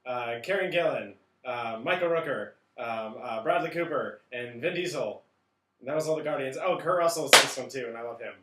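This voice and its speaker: A man's voice: medium pitch, a little fast, noisy background. A man with a mid-range voice chips into a casual movie review with short, dry jokes, a little tipsy. He sits back from the mic, so he sounds distant and roomy. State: tipsy from tequila and beer. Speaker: co-host of a movie review channel. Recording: echoey room, voice off-mic.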